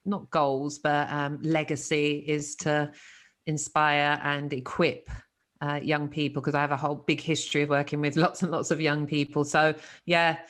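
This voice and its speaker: A woman's voice: low-pitched, flat delivery, moderate pace, fairly bright tone. A British woman hosting an interview, laughing often as she talks. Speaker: interview host. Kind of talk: interview conversation.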